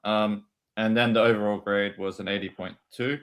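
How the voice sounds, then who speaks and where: A man with a low voice walks steadily through a list of player numbers. He reads each one methodically in a relaxed podcast-discussion tone. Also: moderate pace. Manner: methodical, reads figures from a spreadsheet. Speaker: podcast co-host. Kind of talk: reading stats in casual discussion.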